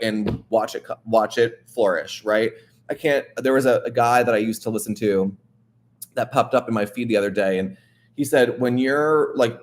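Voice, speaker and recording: Earnest man coaching listeners. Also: medium pitch. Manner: earnest, coaching, addresses listener directly with frequent "right?". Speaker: wellness podcast host. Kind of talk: motivational casual talk.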